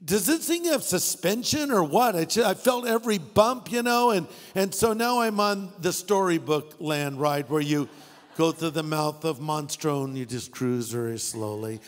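A man preaching a sermon as a pastor, telling humorous, animated stories with asides to the congregation. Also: on the high side, normal speed. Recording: long hall reverb.

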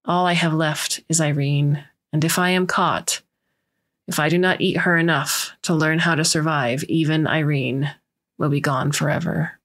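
A woman reading a science fiction story aloud in measured, scripted narration. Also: sits low, fairly even intonation, fairly bright tone. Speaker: story reader.

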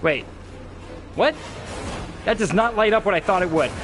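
A man streams a horror game, excitable and panicky, swearing freely. His voice sits high and jumps all over the place. Game music runs behind him. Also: normal speed. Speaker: gameplay streamer. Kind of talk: let's-play commentary.

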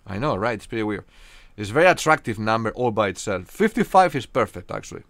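A young man from Spain with a Spanish accent, chatting casually and joking with viewers during a live game stream, often pausing on fillers. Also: lowish voice, big pitch swings, fairly bright tone, no room sound.

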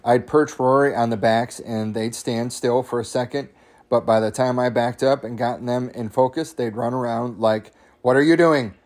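A man's voice: medium pitch, little pitch movement, moderate pace, a little mellow. A man casually reading a humorous memoir aloud, chuckling often, coughing now and then, and making chatty asides to his listeners. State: coughing at times. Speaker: audiobook reader.

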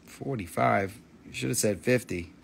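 A man's voice: medium pitch, fairly bright tone. Blunt, swearing live-sale host man. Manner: blunt, swears freely, quick price calls. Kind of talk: casual live-sales patter.

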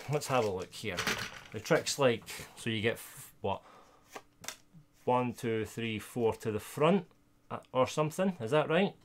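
A Scottish man with a mid-range voice live-streams himself opening trading card packs. He chats casually with viewers and gets loud and excited whenever he lands a good pull.

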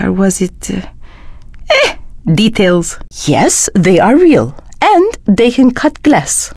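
A woman's voice: on the high side, darkish tone, slightly rough, no echo, exaggerated voice. A woman voicing an adult female Draenei, a hoofed alien who speaks formally, drops articles and cracks flirty jokes in a game. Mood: joking. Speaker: game character voice. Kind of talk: game voice lines.

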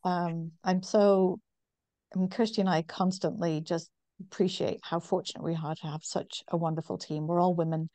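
A middle-aged woman from northeast England with a softened northern English accent, explaining things in a measured way with many ums as an interview guest. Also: lowish voice, fairly even intonation, dry recording. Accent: northern English, softened by decades in the US. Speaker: guest, women's health company founder. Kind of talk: interview conversation.

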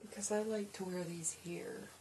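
A woman's voice: medium pitch, fairly even intonation, normal speed, darkish tone, slight background noise. A woman talking in a giggly, offhand and playful way during a casual chat at a friend's house.

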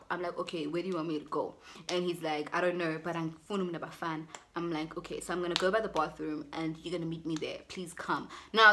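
A woman's voice: fairly low pitch, a little hiss or hum. A young South African woman telling a personal story in a casual vlog, acting out both sides of the conversations. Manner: animated, switches into Zulu phrases, acts out both sides of conversations. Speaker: YouTuber.

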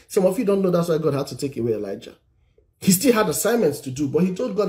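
Earnest man preaching, mellow higher voice. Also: very animated, fast. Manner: earnest, repetitive exhortation, reads scripture aloud. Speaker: Christian teacher on singles and marriage. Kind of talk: encouraging sermon-style teaching. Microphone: phone on a live stream.

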